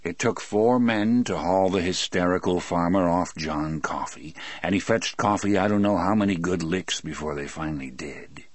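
A man narrating a first-person audiobook in a measured, grave, unhurried manner. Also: low voice, no room sound.

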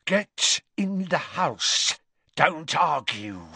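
A man's voice: fairly high pitch, very animated, drawn-out words, creaky, sharp tone, breathy edge, no echo, voice pushed up, full character voice. A man doing a sneering, aggressive old hermit. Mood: hostile. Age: older. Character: hostile, aggressive elderly male hermit.

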